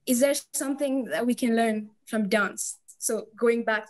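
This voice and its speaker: A woman's voice: on the high side, a little slow, poor audio. A young woman asking a question on a video call, hesitant and full of fillers as she searches for words. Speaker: audience member asking a question.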